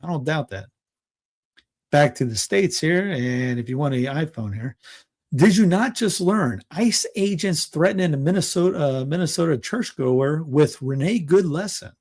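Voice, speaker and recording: This political commentary host has a fairly high, slightly mellow voice and an animated delivery at a moderate pace. Running through the news casually, he reads headlines and breaks off into sarcastic remarks, chuckling softly, restarting often and leaning on fillers.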